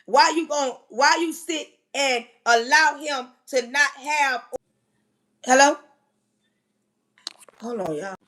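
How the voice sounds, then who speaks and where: A woman's voice: high-pitched, slow pace, pauses often, fairly bright tone. A woman, hosting a livestream and giving blunt, scolding, streetwise advice to her viewers. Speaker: livestream host.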